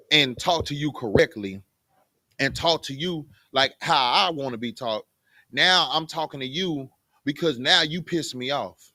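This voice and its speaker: A man's voice: a little high, pushed and bright, no echo, studio quality. A man teaching a Bible class in plain everyday talk, often putting rhetorical questions to his students. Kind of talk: conversational scripture teaching.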